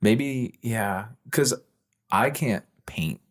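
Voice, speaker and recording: A man's voice: lowish voice, animated, extremely slow. A young man co-hosting a podcast, chatting casually and joking, swearing freely. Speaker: podcast co-host. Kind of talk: casual chat.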